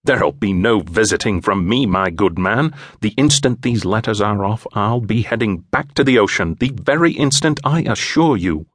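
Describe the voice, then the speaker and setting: A man doing a fussy, pompous English gentleman. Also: on the low side, expressive, normal speed, few pauses, slightly rough, no room sound, studio quality. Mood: indignant. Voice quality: pompous, formal and fretful. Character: fussy, anxious English gentleman, short and balding.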